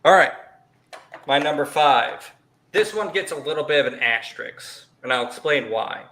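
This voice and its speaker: Man, bright voice, casual chat, laid-back, long explanations. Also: on the high side, expressive, moderate pace, a little hiss or hum. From Southeast Missouri. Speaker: podcast co-host.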